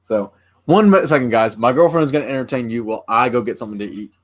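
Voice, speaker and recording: A man's voice: mid-range voice, fast talker, slight background noise. A young man on a casual livestream, talking with lots of fillers and restarts. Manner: rambling with many fillers and restarts. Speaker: streamer.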